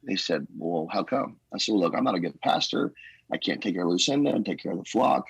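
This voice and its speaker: A man, a pastor, telling personal stories in a casual, animated podcast conversation and acting out what others said. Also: low voice, fast, gravelly, husky, dry recording, poor audio. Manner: animated storyteller, acts out quotes. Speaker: guest.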